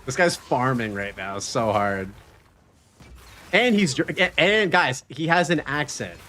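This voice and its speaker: A man's voice: mid-range voice, expressive, unhurried, pushed and bright, slight background noise. A man streaming a video game, chatting casually, joking and laughing often as he reads chat messages aloud.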